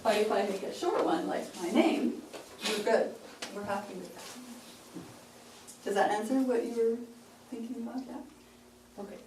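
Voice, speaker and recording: A woman's voice: a little high, normal speed, pauses often. A woman pronunciation coach giving a workshop talk, demonstrating phrasing in short chunks. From Canada. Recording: roomy sound from a distant mic, faint hiss.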